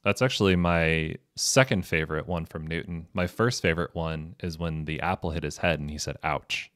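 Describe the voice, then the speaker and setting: A man's voice: very deep voice, brisk, a bit bright, no echo, clean studio sound. A man hosting a video podcast interview in a casual, jokey manner. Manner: jokey, playful, punning. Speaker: podcast host.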